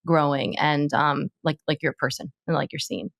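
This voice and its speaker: A woman's voice: low-pitched, fairly even intonation, moderate pace, creaky, no room sound. A woman hosting a casual podcast interview, chatty and encouraging, laughing easily. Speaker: podcast host.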